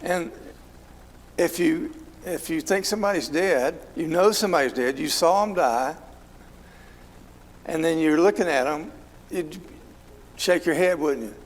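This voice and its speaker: In a large church hall, a man with a somewhat high voice runs a casual Bible study, talking a little slowly and posing questions to the class amid plenty of fillers. The recording quality is rough.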